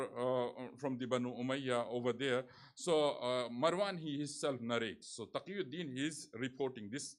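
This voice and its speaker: Man, sermon, fairly high voice, earnest retelling, frequent fillers. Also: fairly bright tone. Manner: earnest storytelling with frequent fillers, rising emphasis. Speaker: preacher.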